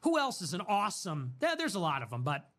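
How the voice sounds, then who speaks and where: A man's voice: high-pitched, wildly swooping pitch, quick pace, a bit bright. A man streaming, ranting casually in a sarcastic, provocative way.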